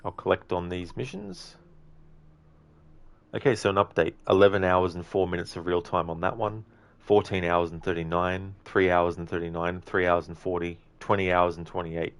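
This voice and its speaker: A man with a deep, low-pitched voice talks through a live gameplay stream. He chats easily with viewers, reads their messages and thanks them, often pausing on an um or correcting himself partway through a sentence. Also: steady tone. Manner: frequent ums and self-corrections. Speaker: livestreamer. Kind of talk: casual live game-stream commentary.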